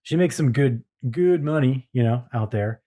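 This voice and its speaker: A man's voice: medium pitch, lively intonation, normal speed, mellow. A man co-hosting a podcast, casually retelling a funny story in a rambling way with lots of fillers. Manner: rambling, lots of "like" and "you know", laughs at his own story. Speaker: podcast co-host.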